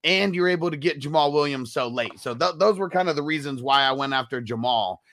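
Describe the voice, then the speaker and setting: Young guy hosting a fantasy football stream, kinda high bright voice, chill and slangy. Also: a little fast, dry recording. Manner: slangy, laid-back, reads chat aloud. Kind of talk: casual stream chat.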